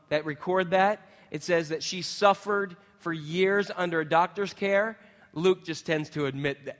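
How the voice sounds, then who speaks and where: A man with a high voice gives a sermon as pastor. He talks in a loose, conversational way and often restarts mid-sentence. His words ring out with a long reverb, as if he is in a large hall. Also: fairly bright tone. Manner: conversational, with frequent restarts and fillers.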